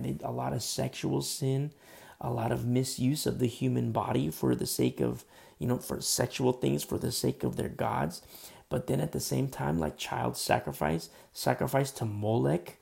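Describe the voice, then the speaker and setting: A man's voice: mid-range voice, gravelly, warm tone. A man preaching a casual, conversational sermon, full of fillers and acted-out quotes. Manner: conversational, many fillers, acts out quoted voices. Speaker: pastor.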